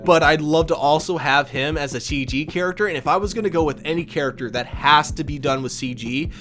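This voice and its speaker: Excitable man with a higher voice, chatting. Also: fast, faint music behind. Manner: enthusiastic, rambling, excitable. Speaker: podcast host. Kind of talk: casual podcast chat.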